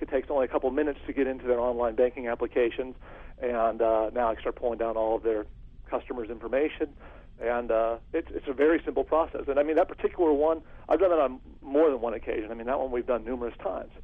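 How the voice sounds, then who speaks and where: Fast-talking husky man on a tinny line. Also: medium pitch. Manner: animated, acts out phone calls. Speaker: security consultant. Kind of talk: storytelling interview answer. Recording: phone-like lo-fi audio.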